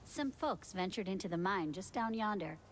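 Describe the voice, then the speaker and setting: An actress playing a shrewd, folksy prospector, pitching a deal in a game. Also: female voice, expressive, moderate pace, slight background noise, natural voice. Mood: sly.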